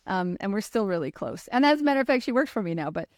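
A middle-aged woman hosts a casual conversation. She talks in a chatty, rambling way, often starting over mid-sentence. Her voice sits at an average pitch and is recorded dry, with no room sound. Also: big pitch swings, fast, no echo. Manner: chatty and rambling, with many restarts and laughs. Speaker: host. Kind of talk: casual interview chat.

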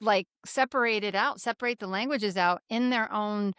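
A woman's voice: mid-range voice, moderate pace, fairly bright tone, smooth, no room sound, studio quality. A woman who works as a speech therapist, hosting a casual interview, enthusiastic and affirming. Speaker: podcast host, speech therapist.

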